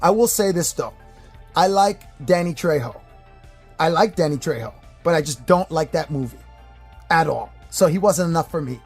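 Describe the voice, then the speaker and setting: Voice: mid-range voice, animated, moderate pace, darkish tone, husky, soft background music. A movie and toy reviewer talking casually to camera in a blunt, opinionated rant, swearing often and rambling with fillers and restarts. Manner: rambling, with fillers and self-corrections. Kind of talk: casual ranting chat to camera.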